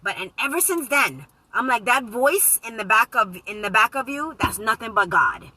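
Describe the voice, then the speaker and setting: Woman vlogger, phone mic, bright and a bit high, animated and profane storytime. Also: normal speed, poor audio. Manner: animated, profane, slips into loud quoted voices. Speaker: vlogger reading live comments. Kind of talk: casual storytime chat.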